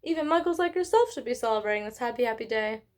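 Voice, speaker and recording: A woman voicing a tiny, cheerful old man in a cloak, with a squeaky voice and a jubilant, gushing manner. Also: lively intonation, quick pace.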